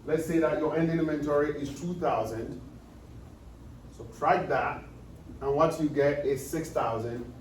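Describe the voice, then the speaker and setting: A man lecturing on accounting with a slightly high voice, asking again and again whether it makes sense. He is picked up from some distance in a roomy, echoing space, with a faint hiss behind him. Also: measured pace, pauses often. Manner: repetitive, checks understanding with questions. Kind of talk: classroom lecture. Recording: echoey room, distant mic, faint noise.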